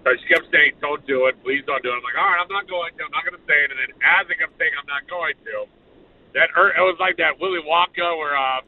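A man's voice: a little high, quick pace. Man telling a story over a tinny line. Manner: animated storyteller acting out quotes. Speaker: radio show host. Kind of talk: storytelling in casual talk. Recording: phone-like narrow band.

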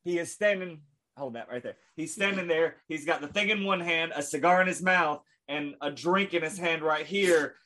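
A man's voice: fairly high pitch, moderate pace. A man, chatting casually on a podcast and acting out movie lines as he tells them. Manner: animated storyteller, acts out movie lines. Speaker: podcast co-host. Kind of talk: casual chat.

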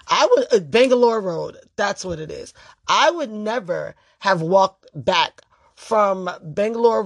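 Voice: medium pitch, dry recording. A vlogger telling a story in a casual monologue, blunt, profane and emphatic.

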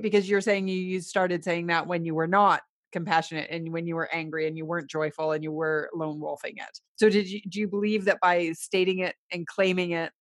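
A woman hosting a casual interview, chatty and quick to laugh, with many "like"s in her questions. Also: on the low side, dry recording, clean studio sound. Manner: chatty, laughs easily, uses "like" often. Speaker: host.

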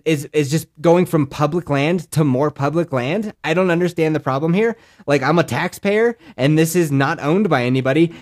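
A man in his thirties from the Colorado mountains hosts a podcast, telling a rambling, profane story in casual chat. His voice is medium-pitched with a darkish tone.

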